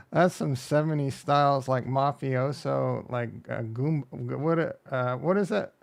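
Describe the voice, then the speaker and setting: Man, casual livestream commentary, rambling and jokey, gravelly edge, smooth resonant tone. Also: mid-range voice, takes it slowly. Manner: rambling, jokey, self-deprecating, reads chat aloud. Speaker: crypto livestream host.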